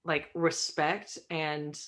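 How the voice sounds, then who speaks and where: A woman guest in a casual interview, chatty and filling her talk with "like", rising into excited bursts. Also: deep voice, extremely slow. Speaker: podcast guest, stream host.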